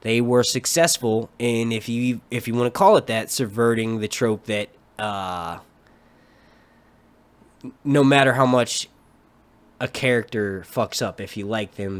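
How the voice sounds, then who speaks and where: A young man hosting a live stream, ranting casually and excitably about a TV episode, swearing often and wandering off into run-on asides. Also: lowish voice, a little slow. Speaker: livestream host reviewing a TV episode.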